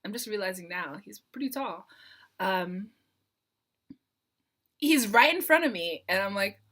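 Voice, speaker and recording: A young woman chatting to her camera in a casual vlog, bright and lively in tone. She tells her story excitably, breaking into giggles and filling pauses with "um" and "like.". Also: mid-range voice. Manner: excitable, giggly, lots of fillers. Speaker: vlogger.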